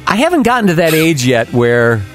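A man's voice: fairly high pitch, very animated, fairly quick, soft background music. A man in his forties chatting as a podcast co-host, swearing and sounding incredulous. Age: 40s. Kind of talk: casual chat.

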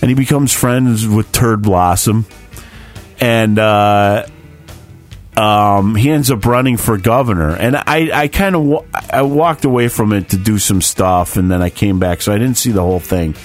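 A man's voice: on the low side, a little slow, soft background music. Rambling, profane man retelling a movie. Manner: rambling storyteller, profane, laughs often. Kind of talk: casual chat.

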